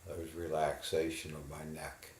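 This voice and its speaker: A man in a guided imagery therapy session, slowly and haltingly describing what he feels in his body. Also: a bass voice, level tone, echoey room, slight background noise. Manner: slow, halting, inward reporting of body sensations. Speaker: therapy client.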